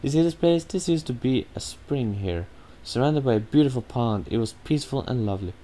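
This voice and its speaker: A man's voice: mid-range voice, animated, fairly quick, dark tone, voice pushed up, lightly acted. A man voicing a kind, earnest young bird-girl attendant while reading game text aloud.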